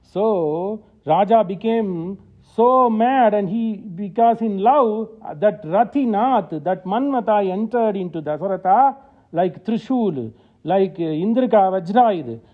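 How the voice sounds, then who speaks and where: High-voiced man chanting verses, tinny sound. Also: expressive, takes it slowly. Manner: recites verses in a singsong chant, then explains in English. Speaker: lecturer on scripture. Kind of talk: devotional lecture with chanted verses. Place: temple hall.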